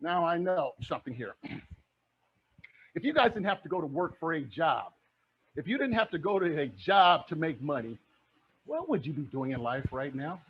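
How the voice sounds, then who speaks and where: A middle-aged man giving an energetic motivational talk on real estate investing, asking his audience rhetorical questions. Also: on the high side, normal speed, pauses often, breathy edge, muffled recording. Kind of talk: motivational online presentation.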